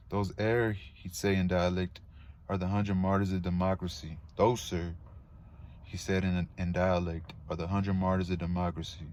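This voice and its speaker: A man's voice: low voice, level tone, moderate pace, darkish tone. A man reading a novel aloud in a casual, unpolished way, stumbling on words and adding asides.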